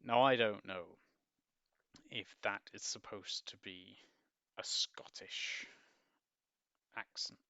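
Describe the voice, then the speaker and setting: Gravelly man musing over a storybook. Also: fairly low pitch, takes it slowly, pauses often, bright, forceful tone, no echo. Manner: musing, wry asides with hesitant ums. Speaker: book reviewer. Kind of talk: reading a picture book aloud with commentary.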